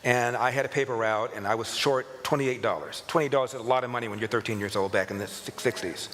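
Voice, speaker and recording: A man in his sixties, a radio talk show host, telling personal stories with animated, chuckling delivery. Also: mid-range voice, fast. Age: 60s. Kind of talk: anecdotal storytelling to an audience. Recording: reverberant hall with clear background noise.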